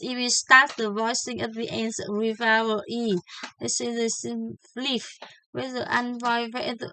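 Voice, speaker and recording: A woman teaching English pronunciation, slowly and deliberately, repeating each example word several times. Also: a little high, pushed and bright, slight background noise, low-quality recording. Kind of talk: slow pronunciation lesson with drilled example words.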